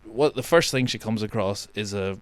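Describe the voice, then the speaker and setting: A fairly low-voiced man retells film gags with animated relish. He keeps it casual and laughs along, recorded dry and close with no room sound. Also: moderate pace, dry recording, poor audio. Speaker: podcast guest.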